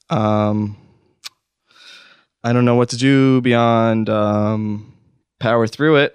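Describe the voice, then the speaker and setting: A man hosting a comedy podcast alone in a studio, rambling and lurching from hushed self-soothing to outbursts. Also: mid-range voice, clear, resonant tone, dry recording. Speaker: podcast host. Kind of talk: comic solo rant.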